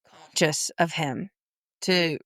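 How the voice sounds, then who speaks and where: A woman co-hosting a book podcast, speaking in a measured, thoughtful way and swearing casually. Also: low voice, fairly bright tone, no echo. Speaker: podcast co-host.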